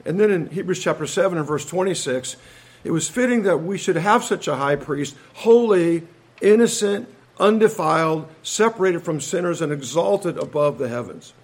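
A man with a high, husky voice preaches a verse-by-verse sermon. He works through his points in order and slows down to read the passages he quotes. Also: animated. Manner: methodical, enumerates points, occasional restarts. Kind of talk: expository sermon.

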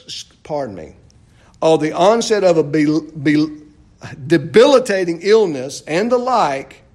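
High-voiced man preaching a sermon. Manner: preaching with rhetorical questions, sudden drops to quiet. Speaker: pastor.

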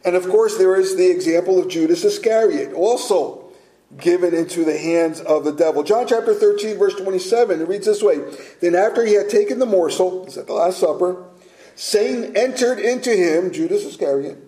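A man's voice: sits high, a little fast, dark tone, reverberant, low-quality recording. A man preaching a sermon as pastor, earnest and direct, asking his listeners rhetorical questions.

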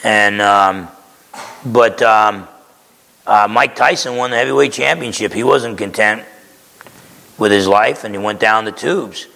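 Gravelly man preaching in a hall. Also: fairly low pitch, unhurried, pauses often, bright, forceful tone. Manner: conversational, emphatic preaching with frequent "okay?". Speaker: pastor. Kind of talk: sermon.

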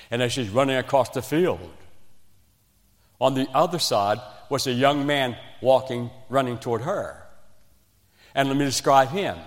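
A man preaching a sermon, telling a story with humor and quoting scripture with rising emphasis. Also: mid-range voice. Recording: long reverb of a large hall.

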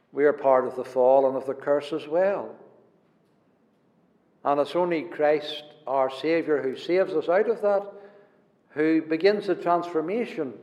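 A man preaching a sermon in an earnest way, moving from loud stressed phrases to hushed, near-whispered ones. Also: a little high. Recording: dull audio with long hall reverb.

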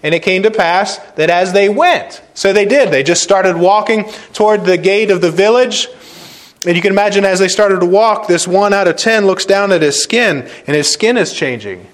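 A male pastor preaching a sermon, repeating phrases for emphasis and swinging between loud stressed words and quiet, slow points. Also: high voice.

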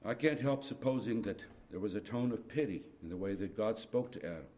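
A middle-aged man preaching a sermon, moving from soft, tender passages to loud, urgent appeals. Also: on the low side, animated, brisk.

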